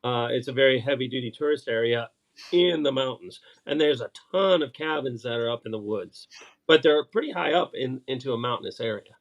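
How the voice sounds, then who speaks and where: A middle-aged man, chatting casually as co-host, halting with many fillers and restarts. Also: mid-range voice, animated, lo-fi sound. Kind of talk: casual chat.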